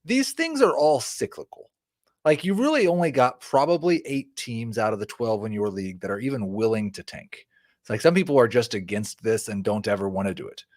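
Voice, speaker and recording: A man's voice: medium pitch, lively intonation, a little fast, darkish tone, dry recording, clean studio sound. A man speaking as a fantasy sports analyst in casual panel chat, blunt and matter-of-fact.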